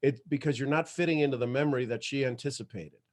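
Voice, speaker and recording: A man hosting a motivational livestream, talking in an emphatic, animated storytelling way. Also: medium pitch, quick pace. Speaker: motivational show host.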